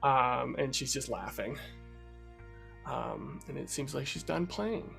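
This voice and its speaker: A man's voice: mid-range voice, animated, takes it slowly, gravelly, a bit bright, faint music behind. A man narrating a tabletop game as game master, in loose, rambling speech full of fillers.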